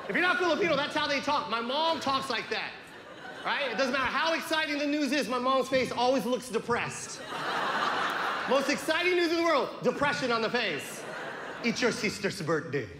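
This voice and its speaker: A man doing stand-up with energetic, loud punchlines and crowd work, then talking about his mother. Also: extremely high pitch, moderate pace, heavy background noise. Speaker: stand-up comedian. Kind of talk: stand-up set and interview.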